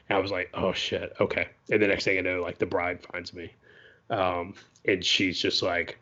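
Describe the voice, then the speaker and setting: A podcast co-host with a deep, level, sharp-toned voice tells a story at normal speed in a loose, chatty way. He keeps dropping "you know" and "right?" asides, and the sound is lo-fi.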